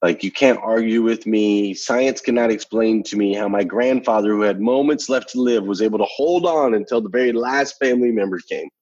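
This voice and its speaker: A man with a husky, somewhat low voice tells a personal story as a podcast guest. He drives his points home by repeating phrases and turns motivational toward the listener. The recording is dry and a little dull. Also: a little fast, hardly any pauses, darkish tone, no echo. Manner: emphatic, repeats phrases for effect.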